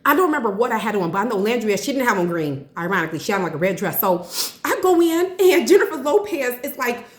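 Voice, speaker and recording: A woman in her forties talks to her camera in a loose, chatty vlog, sitting a touch higher in pitch than most women. She spins her stories with excited energy and keeps calling her viewers y'all. The room around her rings with a noticeable echo. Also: fast. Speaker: vlogger. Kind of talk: casual chat to camera. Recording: roomy echo.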